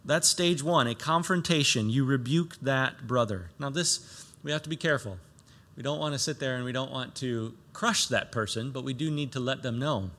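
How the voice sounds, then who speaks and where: A man preaching with a bright, forceful tone at a middle pitch. He reads scripture aloud and then explains it earnestly. He rises to emphatic lines and drops to soft, low asides. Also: animated, moderate pace. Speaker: pastor. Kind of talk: sermon.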